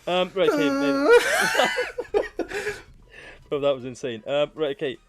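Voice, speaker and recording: A man's voice: fairly high pitch, sing-song, fast talker, vocal fry. A young man hosting a casual podcast, joking around and leaning on "right, okay" fillers. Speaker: podcast host.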